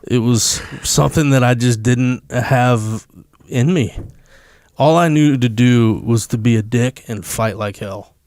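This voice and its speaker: A man's voice: medium pitch, measured pace, a little mellow, no echo. Man, podcast guest, casual storytelling, blunt, profane, emphatic, dry close mic.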